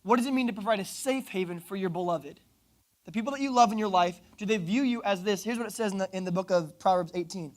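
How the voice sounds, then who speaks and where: A young man from Oklahoma preaching a youth sermon, telling stories with jokes and quick asides. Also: high voice. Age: young adult. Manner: animated, joking storyteller with asides. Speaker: youth pastor.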